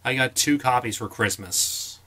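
A young man casually talking through his movie collection, with jokey asides and quick opinions. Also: mid-range voice, sharp tone. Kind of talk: casual vlog commentary.

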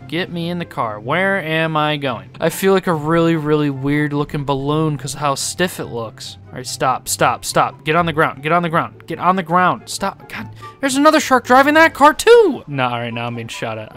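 Excitable bright-voiced young man gaming. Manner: excitable, laughs often, yelps in high bursts. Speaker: gaming YouTuber. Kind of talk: let's play commentary.

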